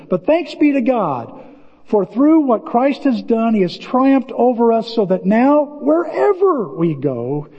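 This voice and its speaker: A middle-aged man preaching a sermon as pastor, telling stories with animated bursts of excitement and shouting. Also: high-pitched, breathy edge. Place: church sanctuary. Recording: dull lo-fi audio with long church reverb.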